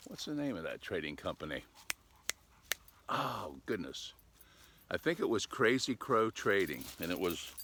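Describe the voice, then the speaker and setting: An older man with a fairly low voice rambles along in a folksy, chatty way, his pitch rising and falling with lively swings. He talks casually to a camera set up outdoors on a cold day. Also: slight background noise. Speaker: vlogger. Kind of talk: casual outdoor vlog chat.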